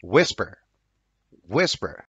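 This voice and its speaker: A man's voice: on the low side, big pitch swings, drawn-out words, pushed and bright, slightly rough, no echo. A man with a Turkish accent teaching English vocabulary, saying each word twice and reading an example sentence. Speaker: language teacher.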